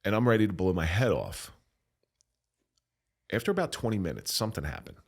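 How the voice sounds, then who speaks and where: A man's voice: lowish voice, big pitch swings, gravelly, slightly rough. A middle-aged man telling his own story as a podcast guest, candid and emotional, stopping and restarting often and swearing bluntly. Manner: halting, emotional, frequent restarts.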